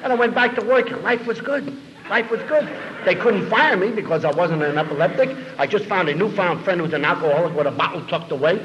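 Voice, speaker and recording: Telling an audience about his own recovery, an older man rambles, repeating words, using fillers, and acting out the dialogue. He speaks a little fast in a high-sitting, fairly bright voice with lively intonation. The recording is muffled, made in an echoey hall with faint room noise.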